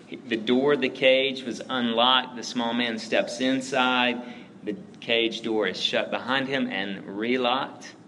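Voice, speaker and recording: A male pastor gives a casual storytelling sermon at an ordinary, middle-range pitch. His delivery is loose and chatty, peppered with "like" and "right?". A faint ambient noise sits in the background. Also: bright, forceful tone, rough recording. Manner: conversational, lots of fillers like "like" and "right?".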